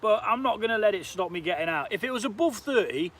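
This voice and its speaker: A British outdoor cooking vlogger chats on a livestream as he cooks on a camp stove, swearing lightly and answering viewers' comments. He talks fast in a high, expressive, somewhat bright voice.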